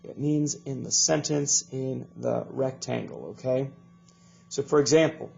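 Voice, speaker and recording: A man's voice: medium pitch, gravelly, darkish tone. A male teacher with a stuffy nose, giving a recorded video lesson to young students in a patient, encouraging way and repeating each instruction. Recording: dull lo-fi recording.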